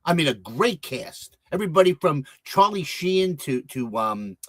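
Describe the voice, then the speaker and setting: A talk show host, a man, chats in an interview with a lively, swinging delivery and keeps restarting his sentences. His voice is dry and close, with no room around it. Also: fairly high pitch, measured pace, no room sound. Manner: chatty, lively storyteller with many restarts.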